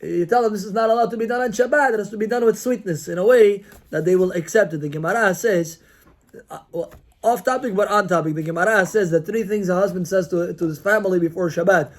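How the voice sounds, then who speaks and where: A man with a high-pitched voice gives a Torah class as a rabbi. He teaches with animation, acting out quoted lines, asking the listeners questions and weaving Hebrew terms into his English. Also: fast. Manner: mixes Hebrew and Yiddish-style terms into English.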